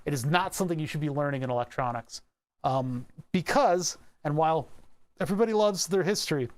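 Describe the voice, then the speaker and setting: A man's voice: fairly high pitch, a little fast. A man with a slightly raised voice chats casually on a livestream while working on electronics. He rambles between technical talk and tangents, with profanity and laughing asides.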